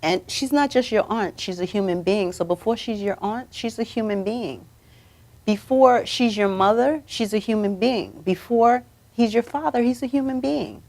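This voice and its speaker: A woman hosting a live talk show, coaching her guests to say affirmations out loud. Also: on the high side, moderate pace. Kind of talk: motivational talk show chat. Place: studio or room, streamed live.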